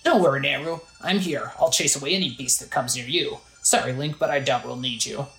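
Cocky young game wizard guy, a woman reading him plainly, low voice, echoey room. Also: fairly quick, fairly bright tone, faint music behind. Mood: boastful. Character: boastful protective young male wizard.

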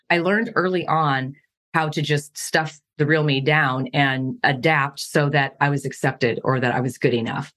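Low-voiced woman telling her story. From Montana. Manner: earnest, laughs at painful memories. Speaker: podcast guest. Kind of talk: candid personal storytelling.

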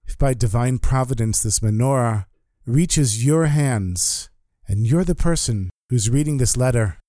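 A man gives voice to a doomed father's wartime plea, solemn and begging. The tone is mellow and dark, recorded close and dry. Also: medium pitch, no room sound.

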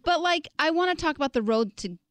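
A woman's voice: high-pitched, animated, quick pace, a bit bright, no room sound. A woman co-hosting a casual interview, asking loose questions full of fillers. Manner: friendly, rambling questions with many fillers. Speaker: podcast co-host.

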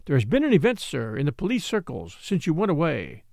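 A man's voice: a little high, huge pitch swings, fairly quick, vocal fry, darkish tone, dry recording, clean studio sound, full character voice. A man reading an audiobook, voicing an elderly male servant who is stern, proud and stubborn. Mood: insistent. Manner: stern, insistent pleading.

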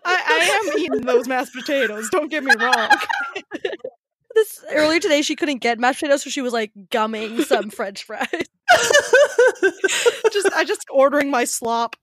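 A woman's voice: high-pitched, sing-song, unhurried, fairly bright tone, dry recording. A woman in her twenties co-hosting a podcast in casual chat, joking and laughing often. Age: 20s. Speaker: podcast co-host.

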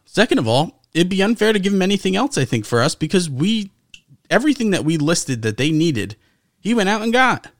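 A man's voice: high voice, very animated, fairly quick, dry recording, studio quality. A man co-hosting a casual sports podcast, talking emphatically and swearing often. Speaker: podcast co-host.

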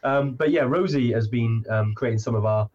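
A man's voice: medium pitch, normal speed, dull audio, a crowd in the background. A man hosting a casual live stream, chatting with many fillers and restarts.

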